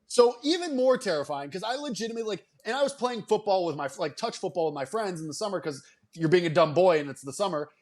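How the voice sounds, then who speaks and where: Teasing podcast co-host, fairly high voice. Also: male voice, animated, quick pace. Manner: teasing, jokey banter. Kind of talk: casual sports-betting podcast chat.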